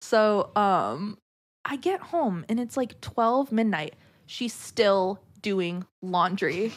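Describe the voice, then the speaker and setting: A woman guest on a podcast, telling a story in a casual, animated way, swearing a lot and saying "like" constantly. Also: medium pitch, takes it slowly. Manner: animated, profane, heavy use of "like".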